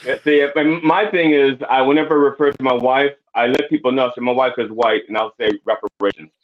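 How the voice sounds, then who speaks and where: A man's voice: medium pitch, fairly even intonation, brisk. A man co-hosting a casual podcast, rambling and joking. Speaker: podcast co-host. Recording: dull lo-fi audio.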